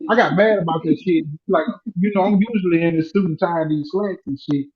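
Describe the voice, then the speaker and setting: A man's voice: fairly high pitch, quick pace, breathy edge. A man casually telling a profane workplace story on a live online audio chat, laughing as he talks. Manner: relaxed, profane, laughs while talking. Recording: dull lo-fi phone audio.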